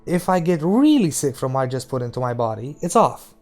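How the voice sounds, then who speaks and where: A man's voice: mid-range voice, sing-song, a little fast, a little mellow, soft background music, natural voice. A man voicing a tense young male heroin addict who talks bluntly and threateningly. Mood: menacing.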